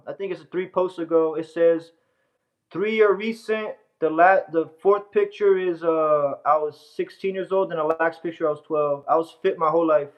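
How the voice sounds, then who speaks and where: Brash American man livestreaming, lo-fi sound. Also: on the high side. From United States. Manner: boastful, brash, scattered, often says "hold on" and "bro". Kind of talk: casual livestream chat reading comments.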